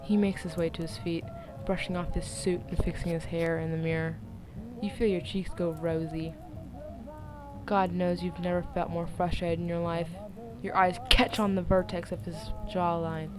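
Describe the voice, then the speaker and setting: Young woman reading a story aloud, music behind. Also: on the low side. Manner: unedited reading with jokey asides, stumbling and laughing at herself. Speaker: story reader. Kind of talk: casual read-aloud of fan fiction.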